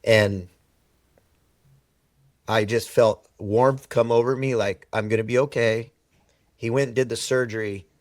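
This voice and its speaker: Man, podcast guest, animated storytelling, emphatic repetition, mid pitch, dry close sound. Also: a little slow, long pauses, no echo. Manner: animated storyteller who acts out quoted dialogue; emphatic, repeats words for effect. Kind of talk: personal storytelling in conversation.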